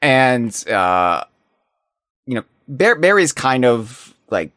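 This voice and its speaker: A man co-hosting a podcast in casual chat, talking in a rambling, animated way with many restarts. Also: mid-range voice, slow pace, dry recording, clean studio sound. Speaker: podcast co-host.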